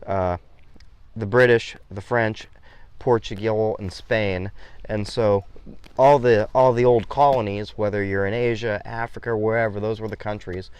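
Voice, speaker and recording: A man's voice: on the low side, fairly even intonation, a little slow, darkish tone, smooth, no room sound. A man in his thirties hosting a casual chat, rambling and handing out travel tips. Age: 30s. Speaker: host.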